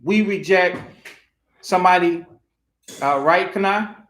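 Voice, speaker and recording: A man's voice: high voice, a little slow, a bit bright. A man preaching from scripture with emphasis, asking rhetorical questions and repeating phrases. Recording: roomy echo.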